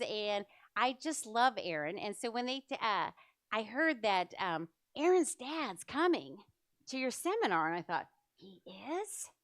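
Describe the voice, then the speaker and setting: Middle-aged woman, church seminar presenter, enthusiastic chatter, smooth higher voice. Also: fairly bright tone, no echo. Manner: chatty, enthusiastic, many fillers. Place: church hall.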